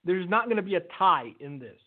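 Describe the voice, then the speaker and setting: A man hosting a radio ministry program, preaching in an earnest, emphatic way with pauses and restarts. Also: high-pitched, sing-song. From Romania. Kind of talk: preaching commentary, reading a testimony aloud. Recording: tinny phone-like audio.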